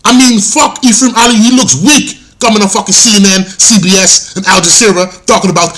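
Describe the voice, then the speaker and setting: A furious man from Guyana rants to the camera, cursing freely and calling people out. His voice sits high for a man and has a sharp, forceful edge. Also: lively intonation, a little fast. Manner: angry, profane, confrontational. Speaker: political commentator. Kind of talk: ranting vlog monologue.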